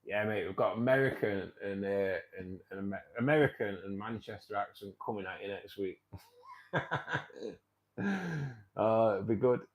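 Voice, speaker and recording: Reading viewer comments aloud with frequent laughter, this middle-aged fishkeeping club host rambles casually through his live stream. He speaks at normal speed in a fairly low voice, leaving long pauses, over poor audio.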